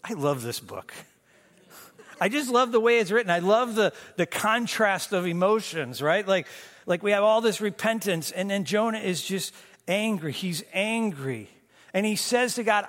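A man preaching a sermon as pastor, moving between emphatic bursts and hushed, slow lines. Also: high-pitched, lively intonation. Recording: long reverb of a church hall.

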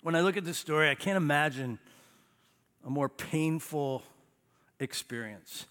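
Emphatic pastor preaching in a reverberant hall. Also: male voice. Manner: emphatic preaching with dramatic pauses and drops to a low, quiet voice. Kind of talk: sermon.

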